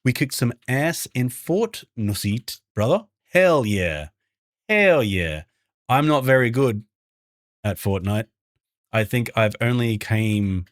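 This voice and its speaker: Hushed, low-voiced Australian man streaming. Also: lively intonation, takes it slowly, pauses often, dry recording, clean studio sound. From Brisbane, Australia. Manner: keeps his voice hushed and low so the game won't hear him; chatty and playful, greeting viewers by name. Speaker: variety streamer and game developer. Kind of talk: casual livestream chat with viewers.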